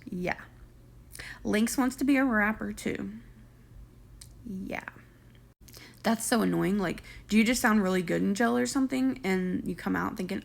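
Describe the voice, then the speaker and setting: A woman's voice: fairly high pitch, lively intonation, normal speed, creaky. A young woman casually recapping a reality show episode, chatty and opinionated with gossipy asides.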